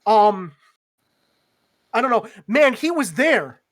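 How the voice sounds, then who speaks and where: A woman's voice: a little high, very animated, takes it slowly, heavily acted. A woman voicing a panicked young man who is lost in the woods, frantic and swearing.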